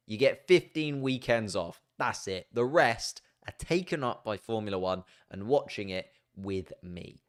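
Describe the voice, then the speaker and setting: A man's voice: medium pitch, a bit bright, smooth. A man hosting a casual, chatty explainer video, jokey and self-mocking as he banters. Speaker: YouTube host.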